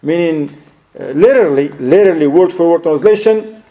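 A male religious teacher tells a story to his class in a lively, animated way. His voice sits a little high but sounds mellow and warm. His English is loosely put together and sprinkled with Arabic phrases. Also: moderate pace, dull audio. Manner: loosely structured, non-standard English grammar. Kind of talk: anecdotal lesson to a class.

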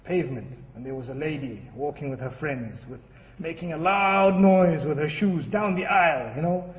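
A man with a high, darkish voice gives an evening religious talk, telling a parable conversationally and often saying "you know." The hall recording is distant and dull, with faint ambience.

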